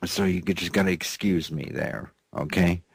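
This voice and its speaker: Low husky guy hosting a news show, super slow and sarcastic, deadpan. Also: no room sound. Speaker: show host.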